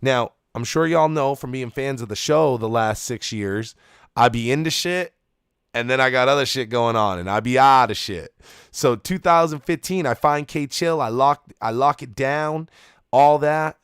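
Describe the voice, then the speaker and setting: A man's voice: medium pitch, normal speed, fairly bright tone, smooth, no echo, clean studio sound. A man in his thirties, co-host of a podcast, telling a rambling, profane story with lots of restarts. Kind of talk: casual storytelling.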